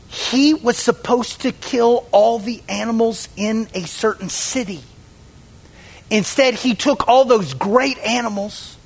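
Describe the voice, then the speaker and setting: High-voiced preaching man, shouts to whispers. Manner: emphatic preaching that swings from shouts to hushed whispers; acts out excuses in a soothing whisper. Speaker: pastor. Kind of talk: sermon.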